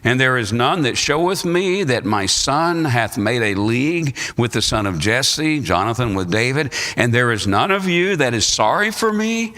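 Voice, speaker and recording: Man, American pastor, sermon, lively pitch swings, reverberant church sanctuary. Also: normal speed, few pauses. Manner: reads scripture aloud then preaches with rising emphasis. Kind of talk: Sunday school sermon. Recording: live church recording with long reverb.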